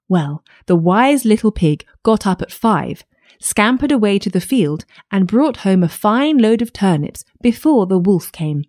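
A woman reads a fairy tale aloud, with a lively, swinging melody. Her voice is close and dry, with no room sound. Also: medium pitch, unhurried, dry recording. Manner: lively, expressive storytelling. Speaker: storyteller.

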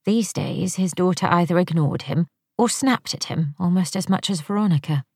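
A woman narrating an audiobook in a measured, wry storytelling manner. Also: lowish voice, husky, no echo, clean studio sound.

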